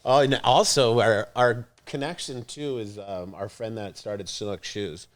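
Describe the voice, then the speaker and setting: A man's voice: lowish voice, unhurried. A man hosting a podcast in casual chat. He tells stories with lots of laughter and acts out the other people's lines. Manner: animated storyteller, acts out quotes, laughs often. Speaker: podcast host.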